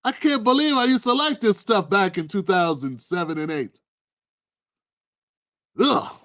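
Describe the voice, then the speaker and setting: A man's voice: sits high, unhurried, a bit bright. A man hosting a casual political commentary livestream, talking straight to his viewers in a playful, riffing way.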